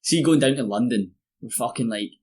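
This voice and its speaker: A Scottish musician appears as a podcast guest, telling stories over beers in a loose, sweary style packed with "like" and "mate." His mid-range voice is darkish with a breathy edge and moves fairly quickly.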